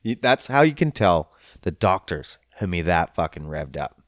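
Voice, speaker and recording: A man hosting a podcast, talking in a crude, rambling, profane casual monologue, relaxed and smoking as he goes. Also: sits low, normal speed, no echo, clean studio sound. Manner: laid-back, smoking while talking.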